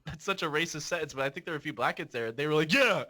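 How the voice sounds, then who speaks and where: A man's voice: on the high side, very fast, pushed and bright. A man in his twenties, a podcast host, telling a rambling story in casual chat, laughing often and restarting his sentences.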